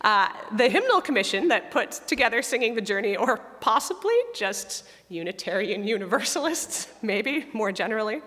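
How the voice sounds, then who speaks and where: A woman's voice: a little high, animated, moderate pace, few pauses, pushed and bright. A woman music director speaking to a congregation in a chatty, self-deprecating way, with her voice giving out a little. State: losing her voice. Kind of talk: spoken reflection in a church service. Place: church sanctuary. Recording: long hall reverb.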